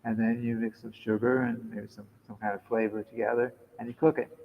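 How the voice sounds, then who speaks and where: Gravelly man reading in an echoing hall. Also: mid-range voice, level tone, a little hiss or hum. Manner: halting, restarts often in chat, louder when reading aloud. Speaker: temple devotee reading to a group. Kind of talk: informal reading and talk. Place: temple hall. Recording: dull lo-fi recording in a long-echo hall.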